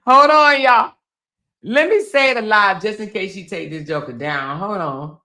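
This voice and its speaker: Bright, teasing woman livestream host. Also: normal speed, slight background noise. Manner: laughing, teasing, swearing freely, talks straight to viewers; animated, swinging between loud exclaims and low asides. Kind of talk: casual livestream commentary reading viewer comments aloud.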